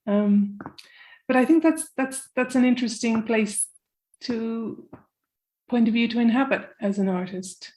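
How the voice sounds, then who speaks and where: A woman's voice: fairly high pitch, unhurried, a little mellow. A woman from Ireland, a comics author who is a guest on an interview and talks in a chatty way, with phrases that trail off and easy laughter. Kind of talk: casual conversation.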